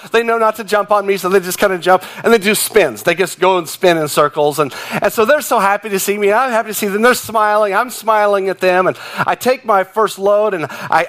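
A man preaching a sermon and telling a personal story in an animated, chatty way, with frequent restarts. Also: sits high. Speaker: pastor.

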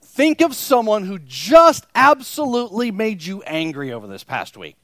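A man's voice that sits high, with big pitch swings and a fairly bright tone, moves at normal speed in a dry recording. He is a pastor preaching to his congregation at a church service, emphatic and repeating phrases for emphasis while often playing out imagined listener reactions.

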